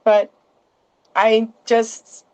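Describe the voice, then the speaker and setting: A woman's voice: on the high side, completely flat delivery, very slow, a little mellow, slight background noise, low-quality recording. A woman as a guest in a casual interview, rambling along with many restarts and asides.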